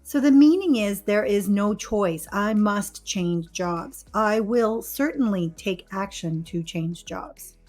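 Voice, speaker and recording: A woman English teacher giving a scripted grammar lesson, explaining patiently and clearly and stressing the key words. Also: medium pitch, expressive, slow, few pauses, darkish tone, faint music behind.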